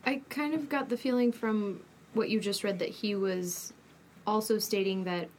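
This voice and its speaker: A woman's voice: medium pitch, fairly even intonation, moderate pace, a little mellow. A woman co-hosting a casual podcast, asking questions and teasing with laughter. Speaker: podcast co-host. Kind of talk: casual chat.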